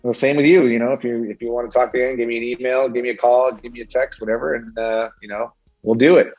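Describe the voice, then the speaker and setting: A man's voice: mid-range voice, fairly even intonation, fast talker, a little mellow, muffled recording, soft background music. A middle-aged man chatting casually as an interview guest, friendly and rambling, with lots of fillers and restarts. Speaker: TV technical advisor, interview guest.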